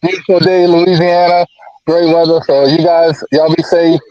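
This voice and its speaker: A man chatting as a guest on a livestream, rambling and halting, with many fillers and repeats. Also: fairly high pitch, level tone, no room sound, lo-fi sound. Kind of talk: casual chat.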